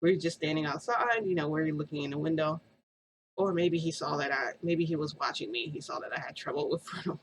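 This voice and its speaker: A woman's voice: low voice, brisk, slight background noise, poor audio. A woman vlogger telling a story in a rambling, casual way, full of "like" and "um".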